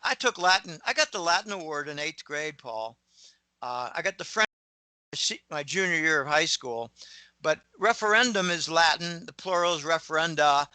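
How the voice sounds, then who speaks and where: A middle-aged man from Pittsburgh with a plain American accent, talking as a guest commentator in a rambling, opinionated way and often clearing his throat. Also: fairly high pitch, lively intonation, moderate pace, sharp tone, no echo, rough recording. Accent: General American, lost his Pittsburgh accent. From Pittsburgh, USA. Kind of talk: casual interview monologue.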